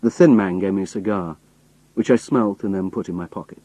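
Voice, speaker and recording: A man reading a story aloud in first person, expressive storytelling. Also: low voice, brisk, no echo, poor audio. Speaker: audiobook narrator. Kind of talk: scripted first-person narration.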